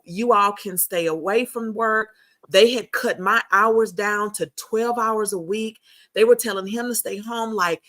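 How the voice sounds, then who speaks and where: A middle-aged woman hosts a casual chat. She tells her story with feeling, stumbling and restarting as she goes. Her voice sits at an ordinary pitch for a woman. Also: sharp tone. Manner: emotional storytelling with many restarts. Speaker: podcast host.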